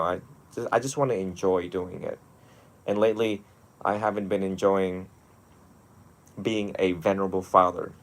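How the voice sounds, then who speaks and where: A young adult man, a monastic teacher, talking one on one in a lively storytelling way with frequent laughs. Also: lowish voice. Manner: animated storytelling, often laughing. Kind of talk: one-on-one mentoring talk.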